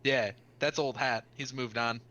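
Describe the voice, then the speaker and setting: A man playing a tabletop game, talking casually with a dry, deadpan humor. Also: mid-range voice, a little slow, muffled recording. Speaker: player. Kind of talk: casual tabletop role-play.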